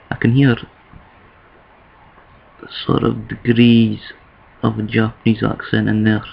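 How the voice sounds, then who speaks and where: Gravelly Scottish man, flat low voice. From Scotland. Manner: rambling, self-correcting, chuckles at himself. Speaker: vlogger. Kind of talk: casual video response monologue. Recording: dull lo-fi home recording.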